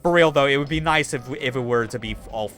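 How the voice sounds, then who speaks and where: A man's voice: medium pitch, fast, fairly bright tone, faint music behind. A young man hosting a game stream, chatting casually, swearing freely and laughing often. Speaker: streamer host.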